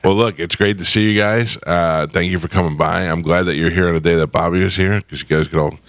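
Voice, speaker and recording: A man hosts a morning radio show, his voice sitting very low and heard dry and close on a studio microphone. He talks casually, plugging gigs and laughing along with his guests. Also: fairly even intonation, a little fast, a bit bright, no room sound.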